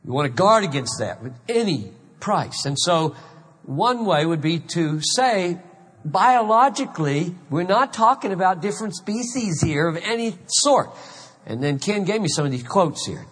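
Earnest pastor preaching in a hall. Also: male voice, sits high, sing-song, moderate pace, a bit bright, husky. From South Carolina, USA. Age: 50s. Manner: earnest, emphatic preaching with repetitions. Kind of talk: sermon. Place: large church hall. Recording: long hall reverb.

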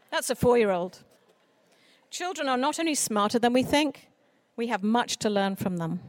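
Higher-voiced woman giving an earnest talk. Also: normal speed, no room sound. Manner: earnest, expressive speaker with mock voices for quoted people. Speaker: children's author. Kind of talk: conference talk.

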